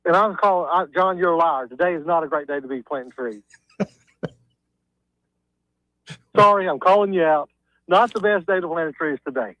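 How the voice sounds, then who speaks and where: A man's voice: fairly high pitch, quick pace, fairly bright tone, dry recording, rough recording. A man calling in to a radio show, out of breath, joking and chatty. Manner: jokey, chatty. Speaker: caller, carpet store owner. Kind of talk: phoned-in radio ad chat.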